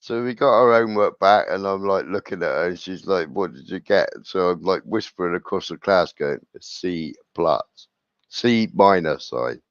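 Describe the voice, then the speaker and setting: Streamer, middle-aged man, lowish voice, dry dull lo-fi mic, lively storyteller. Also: normal speed, dry recording. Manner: animated anecdote-telling, acts out quoted dialogue. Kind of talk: casual storytelling on a livestream. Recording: dull lo-fi sound.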